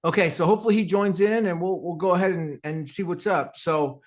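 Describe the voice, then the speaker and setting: A man's voice: sits high, fairly quick. A man hosting a live audio chat, casual and jokey, laughing often and calling people "dude". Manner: laughing, loose and jokey, says "dude" a lot.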